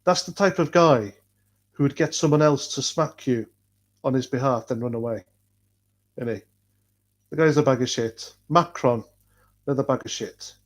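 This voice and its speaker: A North Welsh man hosts a casual livestream, talking bluntly and swearing freely as he rambles from point to point. His voice sits at an ordinary middle pitch. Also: normal speed, pauses often. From North Wales. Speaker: livestream host reading chat.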